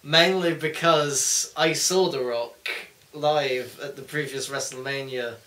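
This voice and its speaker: Excitable young man, echoey room. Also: on the high side, takes it slowly. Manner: excitable, swearing, jokey. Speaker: co-host. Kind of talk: casual chat. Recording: echoey room, far from the mic.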